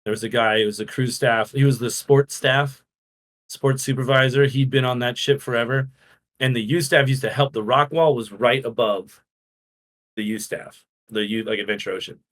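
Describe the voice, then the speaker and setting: A man's voice: medium pitch, steady tone, moderate pace, fairly bright tone. A man co-hosting a casual podcast, a bubbly storyteller who acts out what others said. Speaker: podcast co-host.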